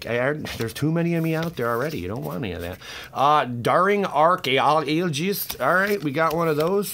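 Excitable young male vlogger host: bright, animated delivery, crude outbursts. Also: medium pitch, slight background noise. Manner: hyper, excitable, crude exclamations. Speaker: card-opening YouTube host. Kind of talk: casual pack-opening vlog.

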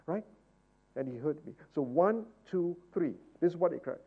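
A man preaches at a Bible study, asking rhetorical questions. His voice sits high and moves a lot, from quiet asides up to fervent calls. The recording is muffled and lo-fi. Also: expressive, moderate pace, husky. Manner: swings from hushed asides to loud, fervent exhortation. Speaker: pastor leading Bible study. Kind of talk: sermon-style Bible teaching.

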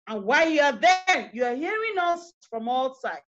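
A Nigerian woman with a high voice leads parents through an online workshop. She speaks earnestly and keeps putting questions to her listeners. The sound comes through a dull, lo-fi video call. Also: big pitch swings, normal speed, few pauses, a bit bright. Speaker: parenting coach.

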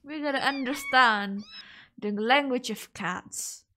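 Very high-voiced playful young woman. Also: slow pace, bright, forceful tone, slight background noise. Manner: playful, pleading, mimics meows in a high voice. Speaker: vlogger. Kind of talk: casual vlog talking to her pet cat.

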